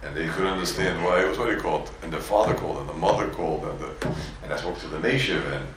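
A man's voice: low-pitched, fast talker, heavy reverb, recorded from a distance, background noise. A man from Borough Park giving a Torah class to yeshiva students, repeating words and acting out quotes, peppered with Yiddish and Hebrew terms. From Borough Park, New York. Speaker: rabbi teaching a yeshiva class.

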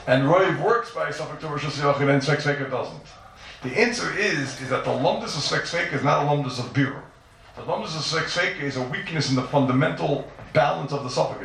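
A man gives a Talmud lecture with a gravelly, creaky voice. He drives his argument quickly, repeating words and firing rhetorical questions. He sits well back from the mic in a very echoey room with faint noise behind. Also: mid-range voice, a bit bright, far from the mic. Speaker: Talmud teacher.

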